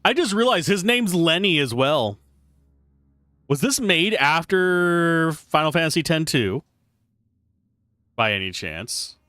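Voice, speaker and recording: A man's voice: a little high, very animated, slow pace, long pauses, bright, forceful tone, dry recording, studio quality. A man streaming a game, giving wry, rambling casual commentary.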